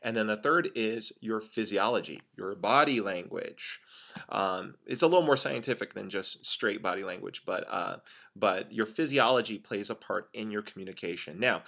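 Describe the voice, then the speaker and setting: A middle-aged man giving a casual, animated training talk on communication, acting out stressed words to show how tone changes meaning. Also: lowish voice, gravelly.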